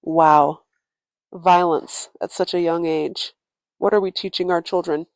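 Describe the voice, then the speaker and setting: A woman podcast co-host with a fairly low, fairly even voice speaks at a measured pace, with no room sound. She's recording a casual travel audio diary indoors at a relative's family home on a tiny clip-on influencer mic, joking around in a playful, mock-serious way.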